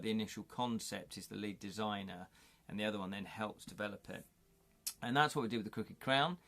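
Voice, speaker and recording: Middle-aged streamer, chatty and jokey. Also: male voice, mid-range voice, a bit bright. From United Kingdom. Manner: chatty, jokey, laughs often. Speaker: livestream host. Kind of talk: casual chat reading live comments.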